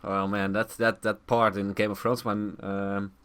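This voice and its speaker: A man hosting a casual gaming podcast, loose and quick to laugh. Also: lowish voice, flat delivery, fairly bright tone, clear, resonant tone. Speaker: host.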